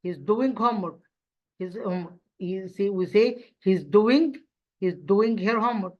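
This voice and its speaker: A woman whose first language is Arabic teaches English grammar in a steady, mid-pitched voice. She says each model sentence again and again, stopping to restart and fill pauses. The recording sounds a little dull and lo-fi. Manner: repeats model sentences slowly, many restarts and fillers. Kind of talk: online grammar lesson.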